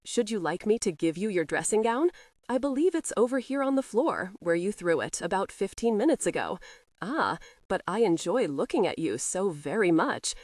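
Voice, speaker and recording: A woman's voice: medium pitch, big pitch swings, normal speed, darkish tone, no room sound, studio quality. Woman voicing a teasing young heiress wife. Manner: playful, mocking, lilting.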